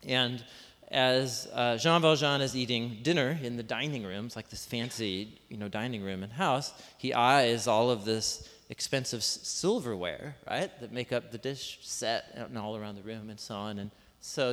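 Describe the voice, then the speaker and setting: A man's voice: medium pitch, a bit bright. A man preaching a sermon as pastor in an informal, conversational way, full of asides, rhetorical questions and self-deprecating jokes, speaking to a live congregation. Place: large room with a live congregation. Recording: long reverb of a large hall.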